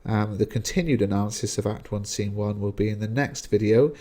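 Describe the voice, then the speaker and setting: A man's voice: lowish voice, brisk, mellow. A man teaching a lesson, explaining a text in a chatty way with frequent fillers.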